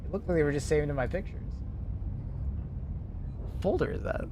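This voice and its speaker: A man's voice: fairly high pitch, normal speed, noisy background. A man casually chatting with his viewers on a gaming livestream, laughing often and answering chat.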